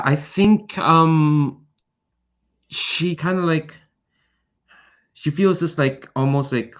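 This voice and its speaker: A man's voice: fairly low pitch, a bit bright. A man playing a tabletop game, describing his character hesitantly with many fillers. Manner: dreamy, hesitant, many likes. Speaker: player. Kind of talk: casual tabletop play. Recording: dull lo-fi mic.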